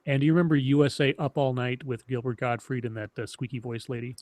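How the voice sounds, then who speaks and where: Casting note: man, thirties, casual streamer chat, rambling and animated, close dry mic. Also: mid-range voice, quick pace, no echo. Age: 30s. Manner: rambling, animated storytelling with many restarts. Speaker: streamer co-host.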